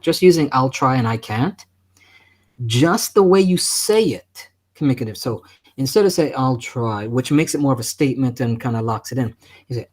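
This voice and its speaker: Podcast co-host guy, mid-pitched voice, coaching style, shows how inflection changes example phrases. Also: darkish tone. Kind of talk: conversational teaching.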